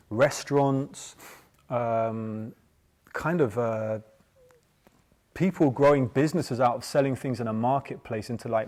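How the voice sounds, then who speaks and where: Guy giving a loose buddhist talk to a group, mid-pitched, keeps going "yeah?" and circling back. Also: darkish tone. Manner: chatty, tags points with "yeah?"; loose and rambling, with many restarts. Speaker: Buddhist teacher. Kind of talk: informal dharma talk.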